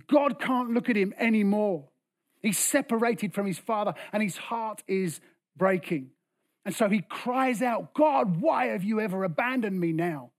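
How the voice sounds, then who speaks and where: Man, pastor, high voice, impassioned sermon, loud then hushed. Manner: impassioned preaching, swings from loud bursts to hushed lines.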